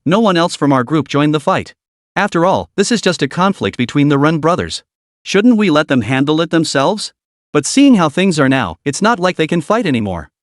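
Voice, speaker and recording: A composed, courteous fighter in a comic story, as a male narrator puts him on. He talks politely, pitched a little higher than the narration. The sound is dry and close. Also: dry recording. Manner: polite, even-toned.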